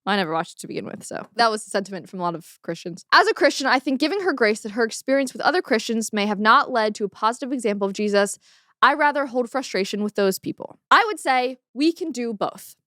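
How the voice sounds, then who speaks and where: A woman's voice: fairly high pitch, lively intonation, fast, a bit bright, no echo, studio quality. A woman hosting a commentary show, speaking in an earnest, opinionated way about faith. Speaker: host.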